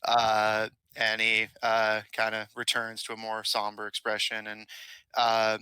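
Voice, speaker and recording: Male game master, halting narration, low bright voice, clear. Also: monotone, dry recording, low-quality recording. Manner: halting, filler-heavy narration.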